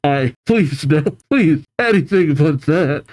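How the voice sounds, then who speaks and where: A man's voice: medium pitch, a little slow, mellow, low-quality recording. A man reading a comic aloud as a reaction host, with frequent laughs and playful asides.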